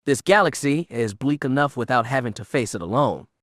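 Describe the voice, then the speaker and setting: A man voicing a drunk, gruff middle-aged smuggler who talks loudly in a slurred drawl, read as an audiobook character. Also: medium pitch, expressive, fairly quick, no echo, clean studio sound, natural voice. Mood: exasperated.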